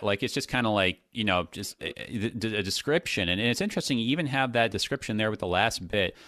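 Man, radio host pastor, low voice, dry close sound, halting restarts. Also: lively intonation, a bit bright, no echo. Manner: thinks aloud with many restarts and fillers. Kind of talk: conversational radio talk.

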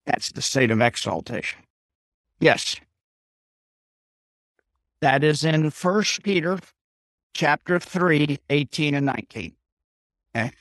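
A man's voice: a little high, animated, takes it slowly, pauses often, fairly bright tone, no room sound, low-quality recording. A man teaching a catechism class, who explains a Bible passage point by point and keeps checking with "Okay?".

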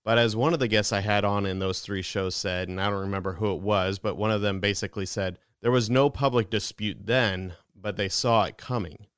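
A man hosting a talk show with a low, smooth, resonant voice, speaking in a relaxed, conversational way. The sound is dry and close. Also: a little fast, few pauses, dry recording. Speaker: host. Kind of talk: conversational radio-style talk.

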